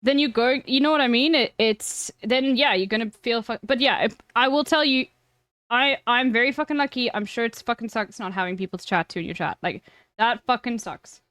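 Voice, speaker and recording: A woman's voice: a little high, a little fast, fairly bright tone, no room sound, clean studio sound. A woman streamer chatting frankly with viewers, giving blunt advice and swearing freely. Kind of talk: casual chat with viewers.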